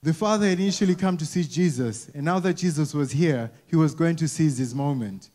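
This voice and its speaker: A man with a fairly high voice preaches to a church congregation in an easy, conversational way. He restarts and repeats words often and keeps asking the people questions. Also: brisk, warm tone. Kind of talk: conversational sermon. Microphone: wearing a mic.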